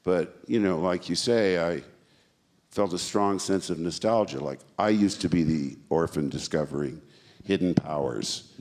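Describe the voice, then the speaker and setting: Deep-voiced older man, dry wit. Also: unhurried, darkish tone. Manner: dry, self-mocking humor. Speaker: actor on a press panel. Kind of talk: press conference answers.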